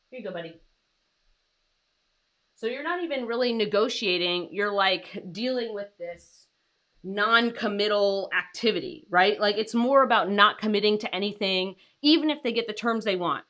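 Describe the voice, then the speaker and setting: A woman coaching freelance writers on a livestream, chatty, full of fillers and rhetorical questions, acting out client dialogue in quick asides. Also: medium pitch, fairly bright tone. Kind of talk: livestream teaching.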